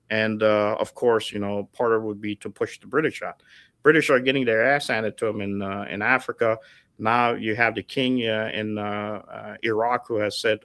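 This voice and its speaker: A middle-aged man with a gravelly, rough-edged voice tells stories casually. He talks with energy, trails off into fillers and acts out the people in his stories. The sound is close and dry, with no room around it. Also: fairly low pitch, normal speed, a bit bright, dry recording. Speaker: guest storyteller. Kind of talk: casual storytelling. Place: home setup over a livestream call. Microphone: remote call mic.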